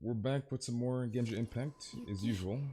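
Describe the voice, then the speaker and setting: A man's voice: medium pitch, moderate pace, dark tone, breathy edge. A man with an American accent hosting a live game stream, upbeat and greeting viewers in chat by name. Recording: game music playing behind. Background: game music.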